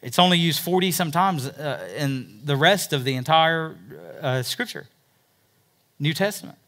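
Bright-voiced man preaching a sermon. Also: a little high, moderate pace. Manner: preaching with swings from loud emphasis to hushed asides. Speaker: pastor.

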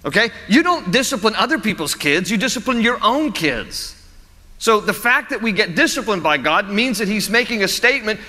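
Bright-voiced man preaching a sermon. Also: sits high, fairly quick, in a large hall. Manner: animated, storytelling with laughs and repeated restarts. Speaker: pastor.

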